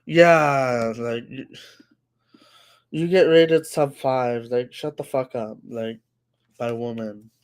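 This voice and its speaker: Speaking into a home streaming mic, a male livestream host answers his chat slowly and with drawn-out delivery. His casual talk is full of fillers and restarts, and he keeps telling off trolls. His pitch is medium, his tone steady and clean.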